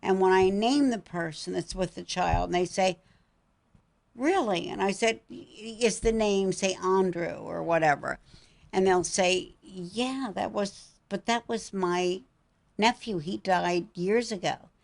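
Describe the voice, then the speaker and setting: Older woman guest, gravelly creaky voice, calm and reassuring, talk show. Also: medium pitch, a little slow. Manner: calm, reassuring, tells emotional personal stories. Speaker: psychic guest.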